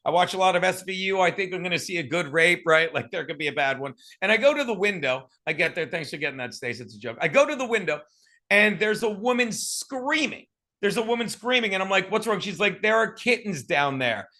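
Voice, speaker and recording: A man with a high, bright voice tells a loose comic story over a video call. He rambles, jokes and restarts often, in a casual storytelling style. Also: lively intonation, fairly quick. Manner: rambling, joking, many fillers and restarts. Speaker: guest storyteller.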